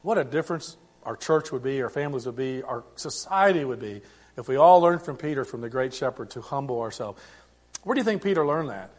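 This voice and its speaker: A middle-aged man preaching a sermon as pastor, in a conversational way with frequent restarts and swings in loudness. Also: medium pitch, expressive, a little fast.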